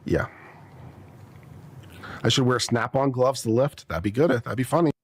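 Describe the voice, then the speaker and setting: A man on a played clip, reading legal text aloud and commenting in a quick, mumbled way. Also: medium pitch, breathy edge.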